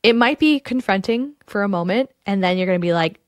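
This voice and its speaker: A woman's voice: mid-range voice, lively intonation, fairly quick, no echo, studio quality. A woman hosting a podcast, introducing the episode in a chatty, enthusiastic way with casual asides. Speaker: podcast host.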